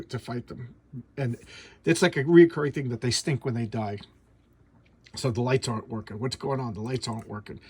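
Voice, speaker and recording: Chatty man with a husky voice. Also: medium pitch, darkish tone, dry recording. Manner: chatty, stumbling restarts. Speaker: comic book reviewer. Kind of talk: casual comic review.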